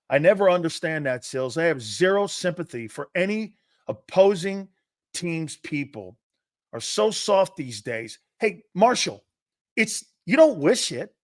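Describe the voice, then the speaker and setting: A man hosts a sports talk show in a blunt, combative manner, swearing freely and scoffing at soft opinions as he fires back at viewers' comments. His voice sits a little high for a man. The sound is dry and close, with no room echo.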